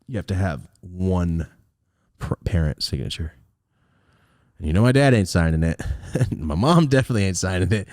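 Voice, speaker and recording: Low-voiced man telling a story. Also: moderate pace, pauses often, no echo, clean studio sound. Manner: animated, profane, laughs often. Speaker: podcast host. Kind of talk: casual storytelling. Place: podcast studio.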